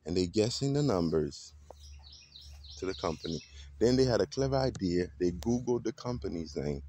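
A man vlogging a casual, animated story that he retells dramatically and that is full of acted quotes. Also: deep voice, moderate pace, slight background noise.

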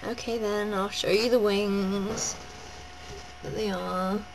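A woman vlogging at home, gushing and rambling in a breathless, excited rush. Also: medium pitch, slow pace, vocal fry, noisy background. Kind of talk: excited personal vlog. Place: at home indoors.

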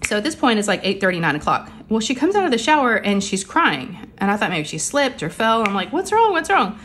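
A woman's voice: medium pitch, big pitch swings, quick pace, a bit bright. A middle-aged woman, chatting casually while crafting in her craft room, a little out of breath and under the weather, rambling with many fillers. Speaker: crafting vlogger. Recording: faint background hum of printers.

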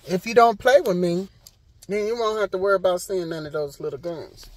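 A woman's voice: fairly low pitch, a little fast, low-quality recording. A woman telling a storytime vlog from her parked car outside a hospital, sassy and emphatic, repeating herself for effect, recorded on a handheld phone camera. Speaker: vlogger.

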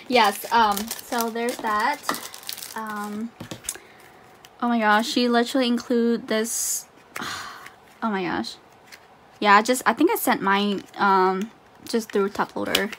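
A woman's voice: on the high side, a little hiss or hum. A woman talking casually while unboxing a haul for her channel, gushing with exclamations and fillers. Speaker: YouTuber unboxing a photocard haul.

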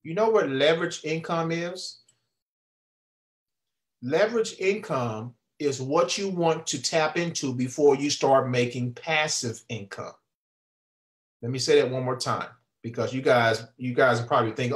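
A man's voice: mid-range voice, a little slow, reverberant. A man coaching viewers on income at a whiteboard, preachy, restarting phrases and firing questions at the camera.

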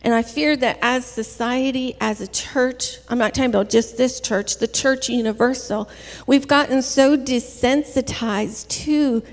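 A woman preaching a sermon in a church, telling her story in an earnest, measured way. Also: on the high side. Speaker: guest preacher. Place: church sanctuary. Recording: reverberant church hall.

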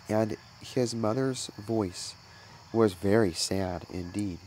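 Minister reading a children's moral story: low, unhurried, deliberate. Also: male voice, darkish tone, a little hiss or hum, low-quality recording.

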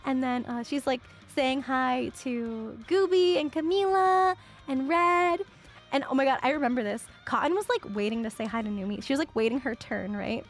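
A young woman streamer casually telling a story, chatty and animated, with lots of filler words and frequent laughs. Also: high voice, normal speed, soft background music.

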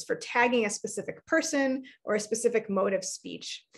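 A woman in her thirties giving an academic lecture, explaining research in a clear, measured way. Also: on the high side.

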